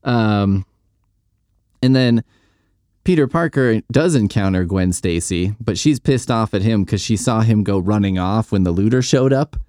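A man in a dry, close podcast recording recaps comics in a loose, profane, joking ramble. His timbre is mellow and dark, but his pitch swings widely as he riffs. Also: expressive, a little slow, no room sound. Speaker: podcast host. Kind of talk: casual comic book recap chat.

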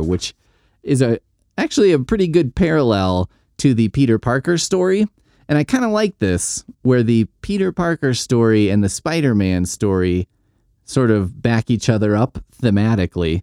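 A man in a dry, close podcast recording recaps comics in a loose, profane, joking ramble. His timbre is mellow and dark, but his pitch swings widely as he riffs. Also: sing-song, moderate pace, no echo. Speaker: podcast host. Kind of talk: casual comic book recap chat.

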